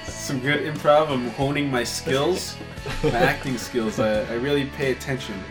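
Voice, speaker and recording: A man's voice: mid-range voice, normal speed, music in the background. A young man co-hosting a podcast in casual chat, rambling loosely and laughing easily. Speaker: podcast co-host.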